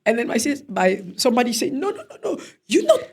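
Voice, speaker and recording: A woman's voice: on the high side, quick pace, husky. A woman, a guest in an interview, telling a personal story in casual conversation and acting out the voices of people she quotes. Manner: animated, acts out quoted voices.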